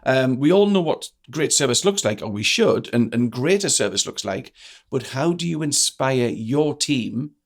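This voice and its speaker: A man, a guest telling stories in a lively way and acting out the lines of the people in them. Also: mid-range voice, normal speed, creaky. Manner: energetic, acts out quoted dialogue. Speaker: guest speaker. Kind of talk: animated storytelling in a podcast interview.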